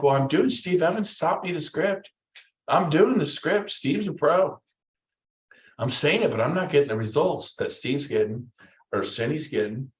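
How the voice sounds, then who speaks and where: A middle-aged man giving a lively motivational talk to real estate agents, acting out quotes in different voices. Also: on the high side. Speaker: motivational speaker. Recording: roomy, dull lo-fi room recording.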